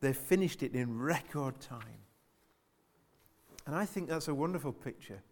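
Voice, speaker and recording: In a medium-pitched, expressive voice, a man preaches to his church without hurrying. He's earnest throughout, repeating phrases often and posing rhetorical questions to the congregation.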